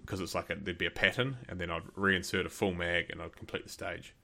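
A man's voice: sits low, level tone, fast talker, creaky, sharp tone. A man with a New Zealand accent hosting a casual podcast chat, telling stories and acting out the people in them. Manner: storytelling, laughing, acting out quoted voices. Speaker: podcast host.

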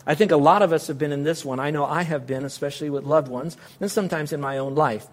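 A man's voice: fairly high pitch, fast. A man preaching a sermon as pastor, earnest and direct, asking the listeners questions. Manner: earnest, speaks straight to listeners with rhetorical questions.

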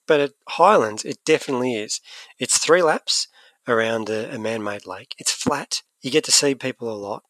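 A man's voice: mid-range voice, normal speed, fairly bright tone, no echo. A man co-hosting a podcast, chatting casually and animatedly, often restarting his sentences. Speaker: podcast co-host. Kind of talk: casual chat.

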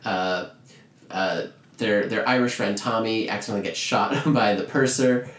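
A lower-voiced man talks through a movie plot in casual chat, now and then jumping into the characters' lines. His voice carries a roomy echo, as if he were in a bare room. He sounds relaxed and conversational. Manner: animated retelling, acting out lines with quick voice changes.

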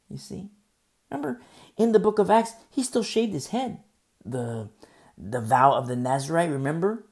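A woman preacher works through a Bible chapter verse by verse, with a remarkably deep, low voice. She repeats her key phrases and checks in with rhetorical questions to drive each point home. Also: vocal fry, darkish tone. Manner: emphatic, rhetorical, repeats key phrases, asks "You see?".

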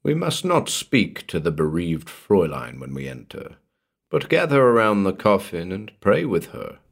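A man voicing a mild, gentle village priest who speaks softly and solemnly in a horror story reading. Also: deep voice, wildly swooping pitch, moderate pace, vocal fry, exaggerated voice. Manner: soft-spoken and solemn.

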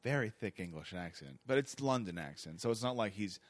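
A male comedian guesting on a podcast, chatting casually with crude jokes and quick mock accents. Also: lowish voice, animated, no room sound. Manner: crude, jokey, slips into mock British voices. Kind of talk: casual chat.

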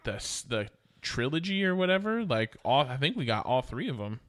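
A man's voice: mid-range voice, sing-song, moderate pace, fairly bright tone. A man hosting a podcast in casual chat, joking crudely and laughing often. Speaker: podcast host.

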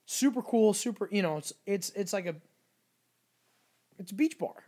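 A man's voice: sits high, moderate pace. A man from Mexico co-hosting a podcast, telling stories animatedly, swearing often and acting out what people said. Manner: animated storyteller, swears constantly, acts out quotes. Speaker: podcast co-host. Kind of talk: casual chat.

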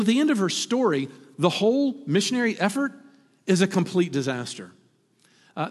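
Husky-voiced man preaching in a reverberant hall. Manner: rises to emphatic peaks, then drops low. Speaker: pastor. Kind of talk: sermon.

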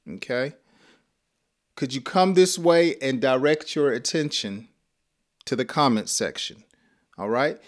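A man teaching a live-streamed English lesson, slowly repeating example phrases and now and then chuckling at his own examples. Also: mid-range voice.

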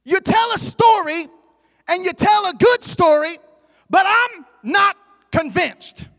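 A man's voice: very high voice, takes it slowly, bright, forceful tone, voice pushed up, exaggerated voice. A preacher voicing a skeptical ancient king who speaks in a casual, dismissive way, in a reverberant hall. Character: skeptical ancient king, middle-aged man.

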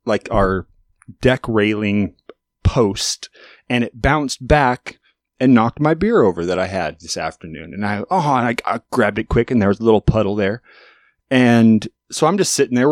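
A man in his late thirties hosting a podcast, telling rambling self-mocking stories with sudden jumps in pitch. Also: a little mellow, dry recording, studio quality. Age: 30s. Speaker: podcast host. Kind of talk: casual chat. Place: studio.

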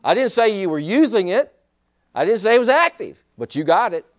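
A male pastor preaching a sermon in an animated way, full of rhetorical questions and chuckling asides. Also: sits high, a little fast.

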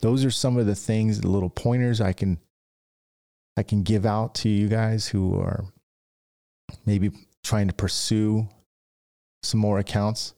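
Mellow low-voiced man giving casual advice. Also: steady tone, a little slow, creaky, pauses often. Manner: rambling, with restarts and acted-out stories. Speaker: podcast host, dent repair business owner.

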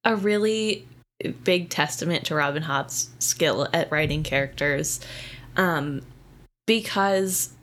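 A woman's voice: low voice, takes it slowly, a bit bright, slight background noise. A woman co-hosting a casual book discussion podcast, thoughtful and conversational, with "um" and "like" fillers. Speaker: podcast co-host.

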